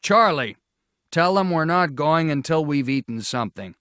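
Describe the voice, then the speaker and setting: A man voicing a stubborn, forceful father in a storybook reading, speaking emphatically and commandingly. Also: fairly high pitch, lively intonation, moderate pace, clear, resonant tone, dry recording, clean studio sound, pitched above the performer's own voice. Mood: insistent.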